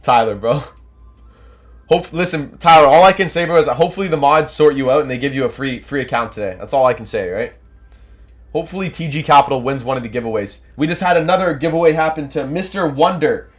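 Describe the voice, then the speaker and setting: A man's voice: fairly high pitch, quick pace. Stuffy-nosed Canadian man hyping his chat. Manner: energetic, hyped, coaching chat. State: stuffed-up nose from allergies. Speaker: trading livestream host. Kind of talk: casual livestream chat reading viewer comments.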